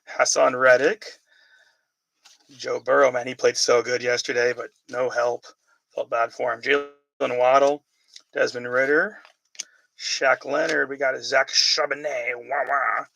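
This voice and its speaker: A man's voice: medium pitch, level tone, a little slow, gravelly, bright, forceful tone, no echo, rough recording. A man hosting a live sports card break, chatting casually and calling out player names as he opens packs. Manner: chatty, calls out player names while reading questions from viewers.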